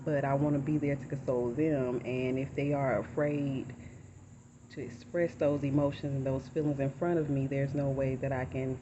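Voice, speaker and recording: Soft-spoken woman vlogging over insect noise. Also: extremely low pitch, level tone, normal speed. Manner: rambling, heartfelt, soft-spoken. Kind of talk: candid personal vlog. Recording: dull lo-fi audio with loud insect noise.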